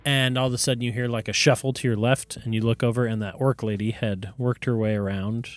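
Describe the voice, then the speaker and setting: A man narrating as game master of a tabletop game in a relaxed, chatty way with fillers. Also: mid-range voice, a little fast, no room sound, faint music behind.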